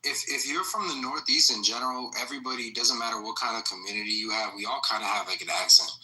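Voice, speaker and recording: A man's voice: mid-range voice, pushed and bright, poor audio. A man from the northeastern United States arguing defensively in a heated panel debate. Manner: fast, defensive, argumentative.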